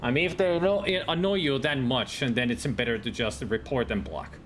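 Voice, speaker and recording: A man's voice: medium pitch, fairly quick, a little hiss or hum. A man streaming a game live, chatting casually with his viewers and reading out on-screen text. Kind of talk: casual gameplay commentary to live chat.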